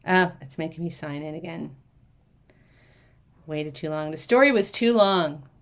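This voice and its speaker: A woman hosting a live jewelry shopping auction, chatting away and acting out the people in her stories, then dropping quietly to herself while she handles items. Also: sits low, measured pace. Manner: chatty, acts out quoted people in a lively way.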